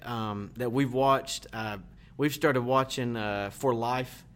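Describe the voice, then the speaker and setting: Halting man talking through his answers. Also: medium pitch, steady tone, smooth. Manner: halting, searching for words, many fillers. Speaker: guest, church minister. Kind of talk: casual interview chat.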